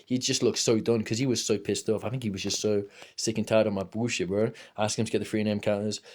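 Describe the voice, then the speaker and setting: A man's voice: fairly low pitch, fairly even intonation, fast, darkish tone, a little hiss or hum. A young man telling a rambling, swear-filled story while gaming, calling everyone "bro". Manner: casual, rambling, says "bro" constantly, swears a lot. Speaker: gaming streamer.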